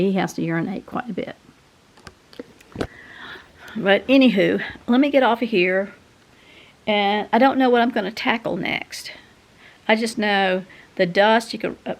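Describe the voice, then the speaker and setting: A woman's voice: medium pitch, gravelly. A woman, rambling casually to her viewers in a home vlog. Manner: chatty, rambling, talks to viewers directly. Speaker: vlogger. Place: home, indoors.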